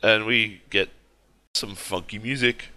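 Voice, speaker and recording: A man's voice: fairly low pitch, fairly even intonation, a little slow, bright, forceful tone. A man co-hosting a podcast, casually recapping a film scene by scene with frequent restarts. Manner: recaps plot at length with frequent restarts and laughs. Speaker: podcast co-host. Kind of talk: casual movie recap chat.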